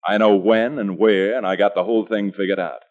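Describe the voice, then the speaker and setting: An actor playing a calm, cocky outlaw gunslinger who talks in clipped, menacing lines, in a 1940s radio western. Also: male voice, lowish voice, a little fast, lightly acted. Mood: cool. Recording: dull old radio recording.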